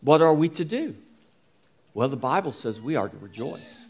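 A man preaching a sermon as pastor, slow and emphatic, rising and falling as he drives each point home. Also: medium pitch, very animated, darkish tone, slightly rough.

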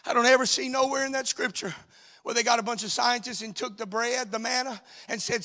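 Gravelly shouting preacher man. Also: very high voice, fairly even intonation, a little fast. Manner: swings between shouted, sung-out preaching and quiet asides. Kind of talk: sermon. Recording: reverberant hall sound.

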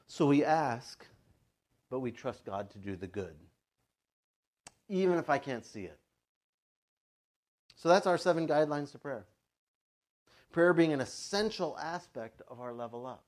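A male pastor preaching a sermon in a relaxed, conversational way, dropping into quick quoted asides. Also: medium pitch. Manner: conversational, plays God and a child in quoted asides.

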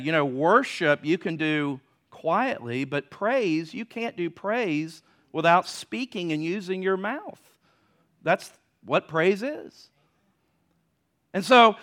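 A male pastor with a high, bright voice gives a sermon. He talks to the congregation like a conversation, asks them questions and repeats phrases for emphasis. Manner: conversational preaching with rhetorical questions and emphatic repetition.

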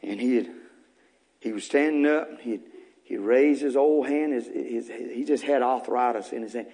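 A man's voice: mid-range voice, unhurried, creaky, dark tone. A male pastor, preaching a folksy, fervent sermon full of repetition in a church. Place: church sanctuary.

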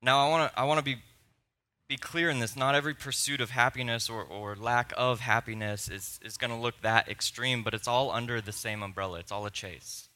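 A young man preaching a sermon, telling personal stories in a conversational, animated way. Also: medium pitch, fairly quick. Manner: storytelling, animated and conversational, with laughs. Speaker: pastor.

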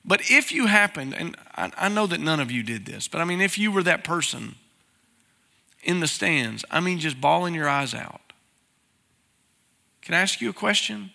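High gravelly pastor preaching. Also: male voice, animated, normal speed, pauses often, sharp tone, big-room sound. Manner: conversational, asks the congregation questions. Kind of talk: sermon.

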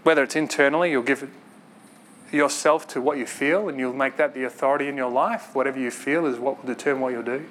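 A man's voice: medium pitch, fairly even intonation, fairly bright tone, a little hiss or hum. Earnest man preaching conversationally. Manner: conversational, earnest, quick asides with laughs. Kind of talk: sermon.

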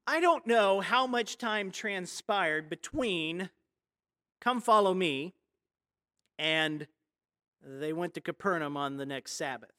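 A pastor preaching a sermon in a conversational, storytelling way, full of rhetorical questions and sudden drops and rises in loudness. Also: medium pitch, takes it slowly. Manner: big swings between hushed and loud.

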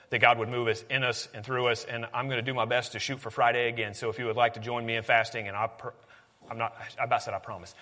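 A man's voice: mid-range voice, pushed and bright, long reverb tail. A man preaching a sermon in an earnest, conversational way, often restarting his sentences.

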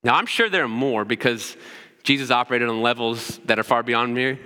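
A man's voice: mid-range voice, a little fast, bright, forceful tone, clear, resonant tone, big-room sound. A man preaching a sermon as pastor, often checking in with "right?" as he teaches. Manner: preaching with frequent "right?" asides.

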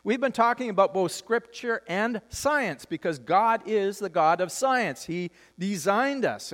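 A man preaching a sermon as pastor, lively and joking, with wide swings in pitch. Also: long reverb tail.

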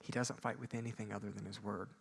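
A man preaching a sermon, moving between loud emphatic peaks and quiet low asides. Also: flat delivery, fast, vocal fry, breathy edge. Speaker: pastor.

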